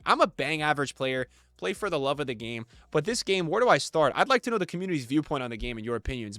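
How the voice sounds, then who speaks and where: A young man reads chat messages aloud and reacts in an animated, casual way, often breaking into laughter. His voice sits a little on the high side. The sound is dry and close, with no room echo. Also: rapid-fire. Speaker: gaming content creator.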